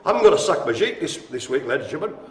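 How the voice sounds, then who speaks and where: A man hosting a live-streamed bingo game, jokey and chatty, calling out names and often addressing the audience as ladies and gentlemen. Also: on the high side, very animated, racing. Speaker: bingo host. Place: indoor room at a care home. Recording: roomy with faint ambience.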